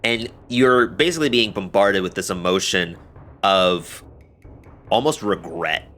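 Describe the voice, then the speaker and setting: Male game master, low, slow, lively pitch. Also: soft background music. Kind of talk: narrating a tabletop game.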